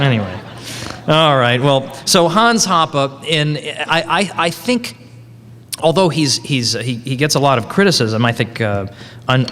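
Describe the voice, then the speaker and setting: A man's voice: medium pitch, a bit bright, long reverb tail. A man giving a conference lecture in a conversational, joking way, often correcting himself mid-sentence. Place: conference hall.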